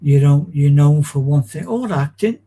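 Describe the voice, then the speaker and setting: A man's voice: a little high, animated, moderate pace, mellow, low-quality recording. A man, a guest on a chat show, reminiscing in a rambling, digressive way with many restarts.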